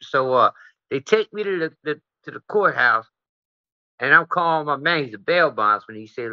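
A man's voice: fairly high pitch, lively intonation, moderate pace, dry recording, lo-fi sound. A man as an interview guest, telling a profane, rambling story and tagging his sentences with "right?".

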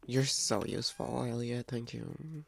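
Gravelly-voiced woman chatting through a game. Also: a bass voice, steady tone, unhurried, background noise. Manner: chatty and playful, talks to game characters and viewers. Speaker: gaming video host. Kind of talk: casual let's-play commentary.

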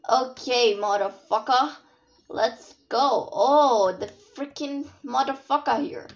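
A woman's voice: on the high side, slow. A woman from Brazil giving casual, sarcastic gameplay commentary and swearing often. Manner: playful, sarcastic, swears a lot. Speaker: gameplay streamer. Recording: dull lo-fi audio with faint game music.

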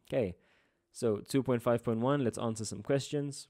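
A man's voice: medium pitch, steady tone, normal speed, warm tone. Chatty South African man teaching. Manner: chatty, conversational asides with many fillers. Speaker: geography tutor. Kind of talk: casual exam-prep lesson.

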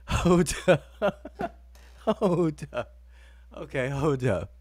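A man's voice: a little high, very animated, very slow, pauses often, darkish tone, slightly rough. A man hosting a live video show, talking casually to his viewers and breaking into fits of laughter. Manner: informal, addresses viewers as y'all. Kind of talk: casual live-stream commentary.

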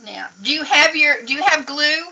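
Bright-voiced chatty craft teacher woman. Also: high voice, animated, moderate pace, poor audio. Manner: chatty, encouraging, explains step by step. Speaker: craft instructor. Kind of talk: casual painting lesson. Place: indoors at a craft table.

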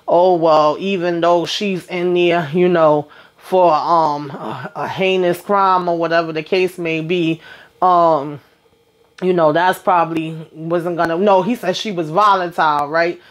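A woman hosting a casual reality TV recap, telling the story in a sassy, animated way with exasperated asides. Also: fairly low pitch, measured pace.

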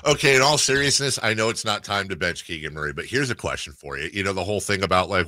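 A man's voice: low voice, fast talker, no echo. A man hosting a sports radio show, chatting casually and playfully in a studio. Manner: animated, laughs often, playful.

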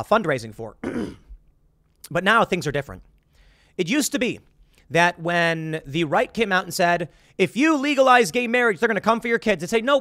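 A man delivers a political commentary monologue as host, his voice high and lively. He swings widely in pitch as he acts out quoted voices. The sound is dry and close, with no room echo.

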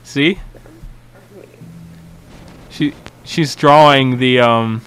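Excitable young guy gushing and swearing through a reaction video, bright, crisp voice. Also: mid-range voice, slow, long pauses, no room sound. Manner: excitable, swearing, rambling with restarts. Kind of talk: casual reaction commentary.

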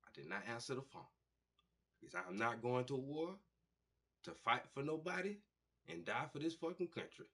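A man hosting a painting show, telling stories in a loose, profane, animated way and acting out the people he quotes. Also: medium pitch, moderate pace, long pauses, husky. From United States. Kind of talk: casual storytelling monologue.

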